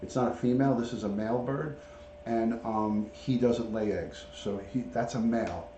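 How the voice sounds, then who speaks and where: Mellow middle-aged man chatting live. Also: medium pitch, steady tone, moderate pace, a little hiss or hum. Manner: chatty, talks to viewers and reads out chat names. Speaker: retired police detective, livestream host. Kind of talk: casual livestream chat. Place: at home, showing a pet parrot. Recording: echoey room.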